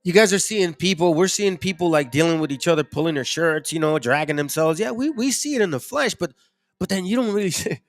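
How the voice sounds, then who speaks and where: A man's voice: a little high, lively intonation, a little fast. A man hosting a casual commentary, rambling and repeating himself with slangy asides. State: headache, struggling to focus. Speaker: host.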